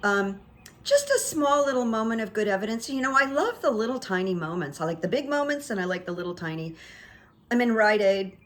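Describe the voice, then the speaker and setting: A woman's voice: on the high side, very animated, fairly quick. A middle-aged woman hosting her own channel, talking through the news in a chatty, opinionated monologue with asides and fillers. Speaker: host of a psychic commentary channel. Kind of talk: casual political commentary monologue.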